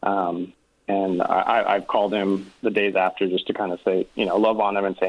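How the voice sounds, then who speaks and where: Caller, male, deep-ish voice, muffled phone line, earnest and halting. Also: level tone. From Los Angeles, California. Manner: earnest, many fillers, laughs nervously. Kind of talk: phone-in call.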